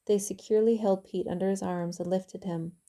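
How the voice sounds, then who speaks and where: A woman author reading her own novel aloud in calm, even audiobook narration. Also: medium pitch, fairly quick.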